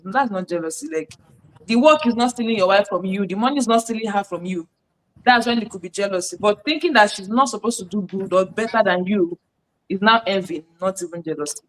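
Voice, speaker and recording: A woman's voice: mid-range voice, fairly bright tone, poor audio. A woman guest on a live-streamed panel who explains her view step by step in a reasoned way. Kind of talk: casual panel chat.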